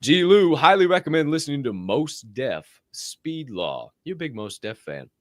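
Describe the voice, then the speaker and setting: Hyped host man with a lively voice. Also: a little high, normal speed, no echo. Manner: hyped, swears freely, whoops and laughs. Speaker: podcast host. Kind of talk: energetic casual chat with shout-outs.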